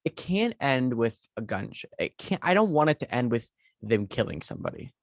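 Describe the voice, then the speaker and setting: Man, podcast co-host, gravelly voice, dry close mic, casual rambling chat. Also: sing-song, moderate pace, no echo. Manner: rambling, filler-heavy pitching of ideas.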